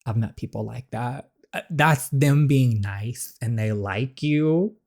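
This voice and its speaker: A game streamer chatting casually between story lines, rambling a little with fillers and restarts. The voice is at a middling pitch and sounds relaxed and conversational. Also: slow. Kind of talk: casual commentary while reading a story game.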